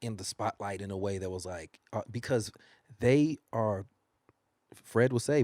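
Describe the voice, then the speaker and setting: Animated male singer, dry close sound. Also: fairly low pitch, normal speed, no echo. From United States. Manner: animated storytelling, laughs often. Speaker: singer and guest. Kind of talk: casual interview. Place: newspaper studio.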